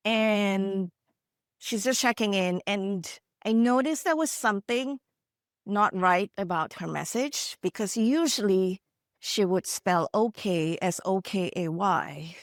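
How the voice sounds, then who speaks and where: A woman's voice: medium pitch, slow, no room sound. Earnest woman keynote speaker, dry sound. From India. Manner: earnest, conversational, frequent "you know" and "right?". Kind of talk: motivational keynote storytelling.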